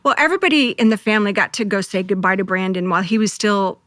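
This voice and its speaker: A woman, a co-pastor, telling a deeply emotional personal story in an earnest, heartfelt way, often quoting her own prayers. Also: fast talker, fairly bright tone, dry recording. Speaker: co-pastor and guest.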